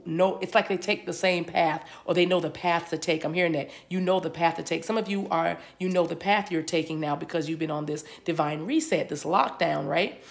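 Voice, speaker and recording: A woman with a lowish, gravelly voice delivers a channeled spiritual reading recorded for a video. She wanders as she talks, echoing words back as she receives them.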